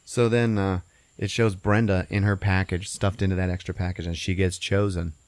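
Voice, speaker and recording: A man with a lowish voice on a podcast, casually retelling a film and rambling with lots of fillers and swearing. He is recorded dry and close, with no room sound. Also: little pitch movement, normal speed, darkish tone, no room sound. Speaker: podcast co-host. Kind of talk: casual movie recap.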